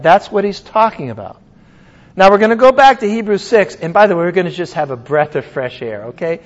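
Animated high-voiced male preacher. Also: brisk, dull audio. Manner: animated, conversational preaching with frequent asides. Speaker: pastor. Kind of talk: sermon.

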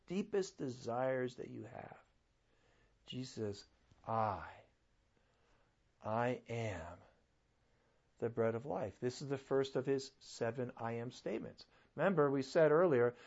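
A male pastor preaches with a lively, swinging delivery, slightly higher than most men. He acts out the voices of the people he quotes. The recording is dull and lo-fi. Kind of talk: sermon.

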